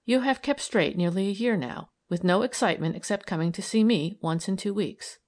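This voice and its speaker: A woman voicing a brisk, kindly woman parole officer who talks firmly and encouragingly. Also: medium pitch, darkish tone, lightly acted. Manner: firm, crisp and encouraging.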